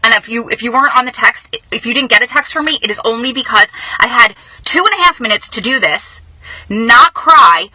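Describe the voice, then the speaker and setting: A woman vlogging from a car, telling news in a casual, emotional and excited way, often speeding up. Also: a little high, dry recording, poor audio. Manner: excited, emotional, talks fast in bursts. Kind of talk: casual vlog storytelling. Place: inside a car.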